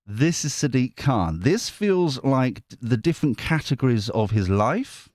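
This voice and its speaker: Male tarot host, rambling and lively, pitch jumping around, dry close sound. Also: a little slow, no room sound. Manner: rambling, animated, with many restarts and asides. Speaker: tarot reader, channel host. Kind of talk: casual monologue before a card reading.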